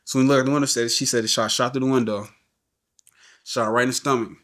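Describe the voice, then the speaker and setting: A man's voice: mid-range voice, fairly even intonation, quick pace, a bit bright. A middle-aged man, a podcast guest, telling an emotional story in slangy everyday talk, often saying "you know what I'm saying" and acting out the voices of people in it.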